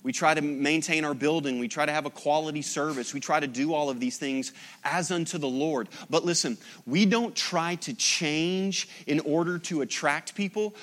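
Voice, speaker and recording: Guy pastor preaching, kinda high voice, punchy and repeats himself a lot. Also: normal speed, fairly bright tone. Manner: emphatic, rhetorical repetition. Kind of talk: sermon.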